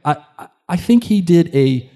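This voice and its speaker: A man's voice: on the high side, moderate pace. Joking Boston man hosting live. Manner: animated, joking, addresses the crowd. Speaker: podcast co-host. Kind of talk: live podcast chat before an audience. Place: hotel event room.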